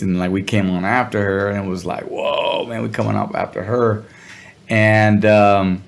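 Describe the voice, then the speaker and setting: A man being interviewed as a musician guest, telling a casual, slangy story and briefly acting out other people's voices. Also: lowish voice. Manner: laid-back slangy storyteller who acts out voices. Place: Los Angeles area.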